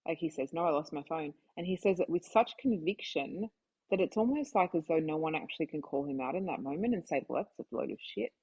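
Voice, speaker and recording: A woman's voice: deep voice, lively intonation, a little fast, mellow, husky, rough recording. An Australian woman, a vet, chatting as a podcast guest in a rambling way full of asides. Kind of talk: casual chat.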